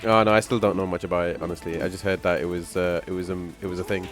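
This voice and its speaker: A man streaming a fighting game, chatting casually, laughing often and shouting at the screen. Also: sits low, level tone, quick pace, music in the background. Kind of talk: casual gameplay banter.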